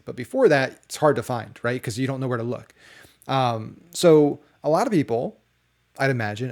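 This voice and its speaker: Male marketing host, casual commentary, mid-pitched, conversational with rhetorical check-ins. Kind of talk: casual talking-head commentary.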